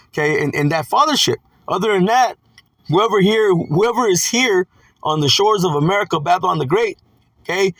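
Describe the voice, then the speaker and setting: A man teaching from scripture in a casual preaching style, tossing in "man" and "okay" and reading verses slowly and deliberately. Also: on the high side, fairly bright tone, no echo.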